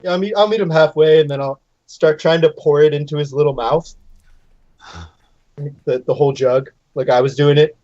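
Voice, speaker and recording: A man playing a tabletop game, talking in a relaxed, amused way. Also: fairly high pitch, moderate pace, no echo. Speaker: player. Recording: dull lo-fi sound.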